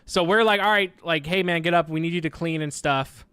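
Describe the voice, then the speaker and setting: A young male streamer with a voice on the high side talks a little fast, casually telling a story full of swearing. He animatedly retells quoted back-and-forth dialogue, and the tone is clean with no echo.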